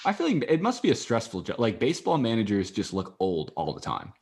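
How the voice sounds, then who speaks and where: A man co-hosting a podcast, chatting casually with sarcastic jokes and quick laughs. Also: on the low side, wildly swooping pitch, a little mellow. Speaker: podcast co-host. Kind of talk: casual chat.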